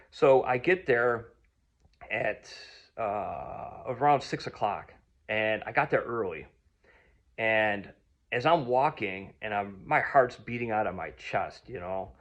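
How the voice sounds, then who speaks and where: A man's voice: medium pitch, animated, a little slow, lo-fi sound. A man from telling a personal story in a casual, rambling way, full of ums and restarts. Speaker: vlogger.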